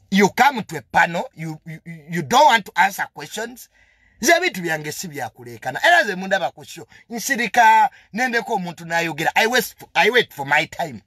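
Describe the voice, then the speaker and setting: Young ugandan man ranting, bright tense voice, dry close sound, confrontational. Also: high voice, breathy edge, dry recording. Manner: indignant, confrontational, emphatic repetitions. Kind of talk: heated monologue mixing English and Luganda.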